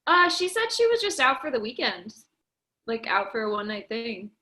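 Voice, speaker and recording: A woman's voice: fairly high pitch, sing-song, moderate pace, pushed and bright, low-quality recording. A young woman in her twenties, telling her hiking story in a casual, chatty way with frequent laughs and fillers. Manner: chatty, laughing often, lots of "like". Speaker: podcast guest, record-setting hiker. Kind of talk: casual podcast interview.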